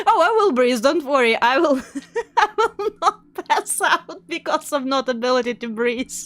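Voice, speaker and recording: A young woman streamer with a high voice, commenting on her game live. Her voice swoops up and down a lot, and she is excitable and jumpy, laughing often as she plays. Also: moderate pace.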